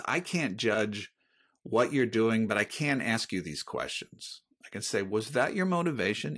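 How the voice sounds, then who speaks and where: A man's voice: fairly low pitch, a bit bright. A middle-aged man speaking as a guest author in a podcast interview, earnest and reflective as he talks about faith.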